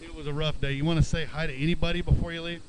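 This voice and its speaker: A man's voice: fairly high pitch, level tone, racing, a little hiss or hum, poor audio. A man emceeing an outdoor fishing weigh-in, announcing weights and chatting chummily with each angler. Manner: upbeat, chummy, calls anglers bud. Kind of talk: live announcing with banter.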